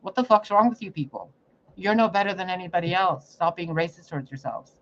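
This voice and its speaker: A man with a fairly high, steady, fairly bright voice talks quickly, playing a psychic reader in a profane, confrontational spiritual rant. The monologue comes through a muffled lo-fi recording with faint background noise.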